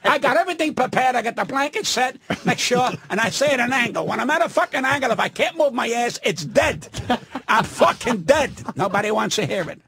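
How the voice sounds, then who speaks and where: An older man, a guest comedian, telling brash, profane stories in a radio studio, swinging from low mutters to loud shouts. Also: animated, a little fast. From New York. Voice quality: gravelly, husky. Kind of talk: brash storytelling on a radio show. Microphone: studio mic.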